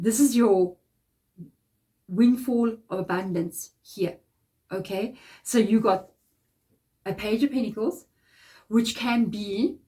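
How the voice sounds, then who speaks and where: A woman's voice: mid-range voice, darkish tone. Nasal, stuffy-nosed woman reading tarot. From Africa. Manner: chatty and encouraging, loose rambling sentences. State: stuffy blocked nose, nasal. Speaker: tarot reader. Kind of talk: casual tarot card reading.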